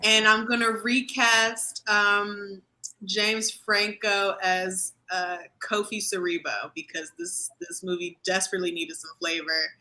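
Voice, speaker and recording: A woman on a podcast panel in casual chat, quick and sassy. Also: mid-range voice, level tone, bright, forceful tone, rough recording.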